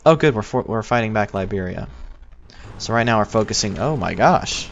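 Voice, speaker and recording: Faint noise and dull, lo-fi audio come through as a young American man streams a game, rambling casually and answering his chat. His voice leans low, with lively intonation and a moderate pace.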